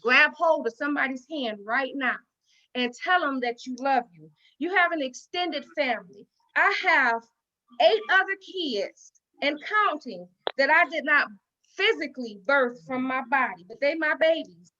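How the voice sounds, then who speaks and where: Speaking unhurriedly in a high, pushed, bright voice, a middle-aged woman addresses a women's dinner as guest speaker. Her heartfelt talk is folksy and story-driven, with repeated lines and quotes she acts out, captured on a dull lo-fi recording at the venue.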